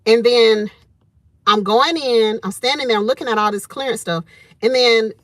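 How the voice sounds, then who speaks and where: A woman, hosting a live stream from outdoors in a parking lot and telling a story to her chat in an animated, chatty way with frequent laughs. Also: fairly high pitch, normal speed, no echo. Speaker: homesteading channel host.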